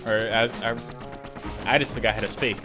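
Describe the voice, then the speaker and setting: A young man playing a game and chatting in a rambling, animated way, full of fillers. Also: medium pitch, normal speed. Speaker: let's player. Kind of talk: casual chat over gameplay. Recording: voice over game music. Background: game music.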